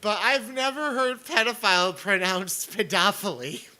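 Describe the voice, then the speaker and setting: A man's voice: on the high side, moderate pace, pushed and bright, poor audio. A man streaming a sarcastic rant, stammering and repeating words as he comments on clips.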